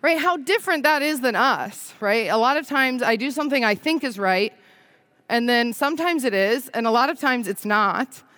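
A woman in her thirties preaching a conversational sermon, full of "right?" and "like" and quick laughs as she tells stories. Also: a little high, lively intonation, sharp tone. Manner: chatty, frequent "right?" and "like", laughs while telling stories.

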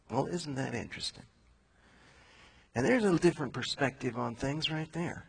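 A preacher retells a Bible story in a loose, animated, chatty manner. His voice is husky and a bit breathy, pitched slightly above the usual male range. He drops in slangy asides as he goes. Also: moderate pace, pauses often, low-quality recording.

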